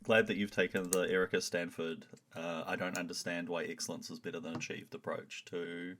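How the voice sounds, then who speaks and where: A man's voice: low voice, level tone, brisk, a bit bright, a little hiss or hum. A man, a teacher speaking as a podcast's education correspondent, wry and a little hesitant. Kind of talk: casual comedic chat.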